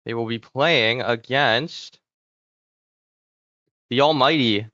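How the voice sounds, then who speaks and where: A young co-host on a gaming stream who speaks slowly and deliberately. The mic is dry and a little muffled. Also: medium pitch, a bit bright, no room sound. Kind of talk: casual live stream hosting.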